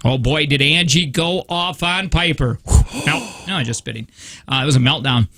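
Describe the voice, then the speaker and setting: Young male morning radio co-host, bright forceful tone, animated storyteller. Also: a little high, normal speed, no echo. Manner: animated storyteller, acts out family members' voices. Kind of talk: casual on-air banter. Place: radio studio.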